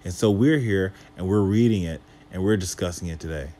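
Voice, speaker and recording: A man with a fairly low voice reads old scripture verses aloud and then unpacks them for his listeners. He keeps asking rhetorical questions and drops casual asides as he explains. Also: fairly quick, warm tone. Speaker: Bible teacher. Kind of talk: Bible study teaching.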